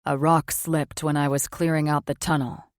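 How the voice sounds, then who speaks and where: Woman doing a low-voiced male demon, terse and soothing, dry close sound. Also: little pitch movement, moderate pace, no echo, close to an everyday voice. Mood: protective. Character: brooding male demon wolf mate, protective.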